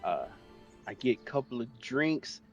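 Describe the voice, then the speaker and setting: A man playing a tabletop game, excitable and quick to laugh loudly. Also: mid-range voice, faint music behind. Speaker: player. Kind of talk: tabletop role-play.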